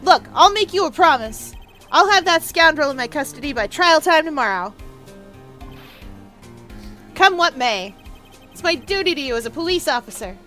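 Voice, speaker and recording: A woman doing a loud, hearty cop. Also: high voice, lively intonation, normal speed, long pauses, faint music behind, voice pushed up. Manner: hearty, boisterous. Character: loud eager male police detective.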